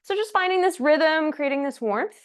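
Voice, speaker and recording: A woman's voice: high voice, animated, moderate pace. A young woman teaching a yoga class, cueing breaths and poses in an encouraging, playful way, a little out of breath. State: slightly out of breath. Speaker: yoga instructor. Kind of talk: guided yoga class instruction.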